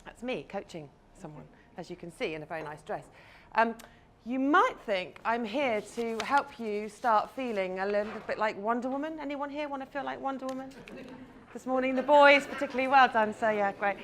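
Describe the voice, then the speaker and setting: A woman's voice: on the high side, normal speed, a bit bright. A woman, a confidence coach giving a chatty, playful talk to a live audience on stage.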